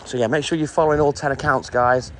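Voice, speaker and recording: A man's voice: mid-range voice, fairly even intonation, fast talker, a bit bright, slight background noise. A middle-aged man, a self-employed milkman, chatting casually on a live stream during his night delivery round, greeting viewers and answering comments between stops. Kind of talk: casual live-stream chat while working.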